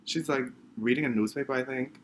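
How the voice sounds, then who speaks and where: A man's voice: mid-range voice, fairly quick, a little hiss or hum. A young man from the Bahamas, dramatically telling a funny story from his childhood in a self-mocking way. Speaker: vlogger. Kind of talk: story time monologue.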